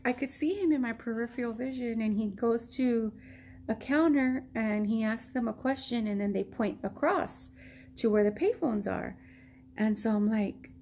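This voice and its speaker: Brief: woman from Texas, slightly high voice, slow rambling story time. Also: a little mellow, slight background noise. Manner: slow, rambling storytelling full of ums, acting out quotes. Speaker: vlogger.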